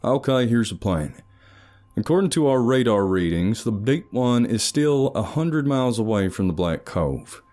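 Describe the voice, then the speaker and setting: A man voicing a scheming male expedition leader who briskly lays out a plan and mocks his crew. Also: medium pitch, animated, mellow, lightly acted. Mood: briefing.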